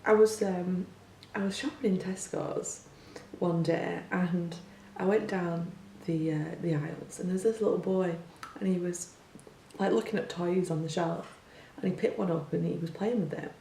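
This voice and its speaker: A woman's voice: fairly low pitch, fairly even intonation, moderate pace, vocal fry, dark tone. A young woman, a teacher, talking casually and full of rhetorical questions, with many filler words. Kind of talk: casual opinion monologue. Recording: distant mic in an echoey room with faint hum.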